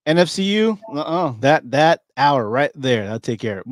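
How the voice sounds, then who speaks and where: A man's voice: on the high side, expressive, normal speed, dry recording, clean studio sound. A man chatting casually as a podcast co-host, often stalling and restarting while he searches for words. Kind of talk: casual group chat.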